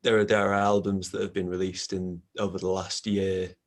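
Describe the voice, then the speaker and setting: A man's voice: sits low, flat delivery, moderate pace. A man, a band member, chatting casually on a video call, rambling and laughing at his own puns. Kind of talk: casual interview chat.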